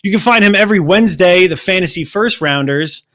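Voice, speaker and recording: Male podcast host, high bright voice, casual and slangy. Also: fairly quick, dry recording, clean studio sound. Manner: hyped, slangy, filler-heavy. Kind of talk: casual sports podcast chat.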